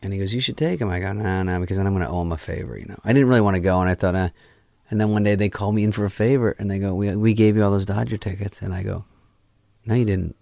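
A man's voice: deep voice, rapid-fire, gravelly, dry recording, studio quality. A middle-aged man, a guest, telling a story in casual chat, swearing freely and acting out the lines of everyone in it. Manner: profane, animated, acts out quoted lines.

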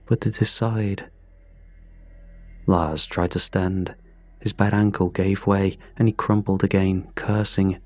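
Deep, slow male storyteller. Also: darkish tone, no room sound. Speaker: narrator. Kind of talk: scripted story narration.

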